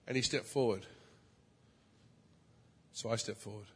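Animated preacher in a reverberant hall. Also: male voice, a little slow, long pauses, husky. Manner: animated, swings from loud high exclamations to soft low asides. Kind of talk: storytelling sermon. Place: church. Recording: long reverb of a large hall.

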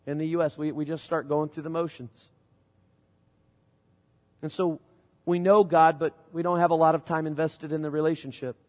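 A man's voice: a little high, a little mellow. A middle-aged man from Illinois preaching a sermon as pastor, telling a story in a conversational way. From Illinois, USA. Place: church sanctuary. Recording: long reverb of a church hall.

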